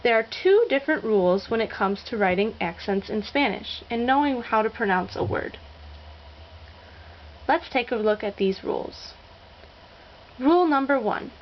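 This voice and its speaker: A woman narrating a scripted language lesson, slowly sounding out each example word. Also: fairly high pitch, lively intonation, muffled recording, a little hiss or hum. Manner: slow, deliberate, sounding out example words. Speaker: Spanish teacher.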